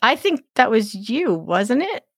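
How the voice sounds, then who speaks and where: A woman's voice: fairly high pitch, sing-song, unhurried, husky, dry recording, studio quality. A woman co-hosting a podcast, chatting enthusiastically about a trip and laughing often. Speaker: podcast co-host. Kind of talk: casual travel chat.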